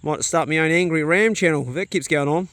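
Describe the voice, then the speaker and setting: A New Zealand man with a slightly higher voice, chatting casually through a farm vlog. He talks to the camera and now and then to his animals, out of doors with crickets and animal sounds behind him. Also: fairly quick, a bit bright, no echo. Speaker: vlogger. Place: outdoors on a rural farm.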